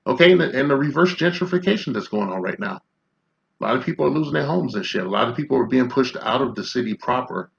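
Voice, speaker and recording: A man's voice: mid-range voice, lively intonation, fast talker, gravelly, muffled recording. A man in his fifties from Chicago, ranting in confrontational, profane commentary full of rhetorical questions. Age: 50s. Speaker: commentary vlogger.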